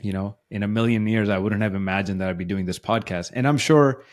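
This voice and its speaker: Man, fairly low voice, life coach, podcast co-host, encouraging, motivational. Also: fast talker. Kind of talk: casual podcast conversation.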